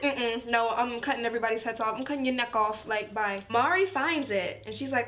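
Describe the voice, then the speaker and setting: A woman casually reviewing an anime, slangy and animated, with laughing asides. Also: a little high, brisk, hardly any pauses.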